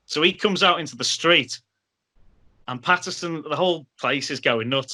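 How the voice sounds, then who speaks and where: A man spins casual anecdotes as a podcast guest. His voice is very bright and a little high for a man. He tells his stories with animation, acting out other people's lines. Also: normal speed. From Liverpool, England.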